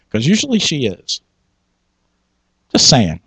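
A man's voice: medium pitch, huge pitch swings, takes it slowly, fairly bright tone, breathy edge, no echo, poor audio. A man, a pastor, preaching a sermon in a conversational way, asking rhetorical questions and laughing at his own asides.

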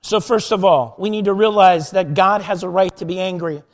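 A man with a strikingly high voice delivers a sermon in a hall with a long, lingering echo. He repeats his key lines slowly and leans into them, sometimes climbing to a near-shouted plea. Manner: preaching with slow emphatic repetition, rising to near-shouted prayer. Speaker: pastor.

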